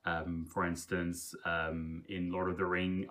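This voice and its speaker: A man who runs tabletop games, talking casually in a halting way with restarts and soft laughs. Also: deep voice, completely flat delivery, crowd noise. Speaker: game master. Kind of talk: casual podcast chat.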